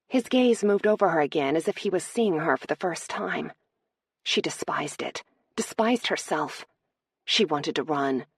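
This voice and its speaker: Husky, low woman narrating a romance audiobook. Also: lively intonation, unhurried, no room sound.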